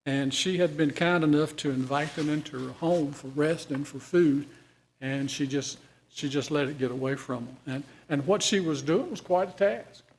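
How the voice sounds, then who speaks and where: A man teaching an informal Bible study class, his voice pitched a little high for a man. He talks in a folksy, conversational way and keeps putting questions to his listeners. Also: moderate pace, slight background noise.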